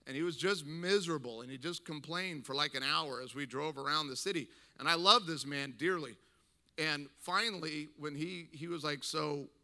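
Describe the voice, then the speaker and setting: A man's voice: on the high side, bright, forceful tone. A middle-aged male pastor preaching a sermon, reading scripture and breaking off into emphatic, conversational asides.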